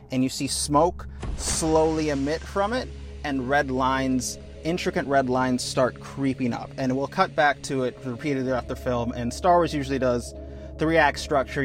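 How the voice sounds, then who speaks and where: A man hosting a podcast, animatedly pitching a film story and acting out scenes. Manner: animated, acts out scenes in quick voices. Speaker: podcast host. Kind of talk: casual pitch of a story idea.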